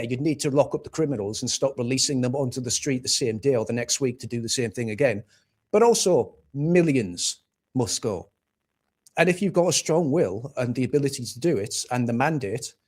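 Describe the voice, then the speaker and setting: A man from England hosting a livestream, ranting bluntly and with plenty of profanity about politics. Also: mid-range voice. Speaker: livestream host. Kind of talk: casual political rant.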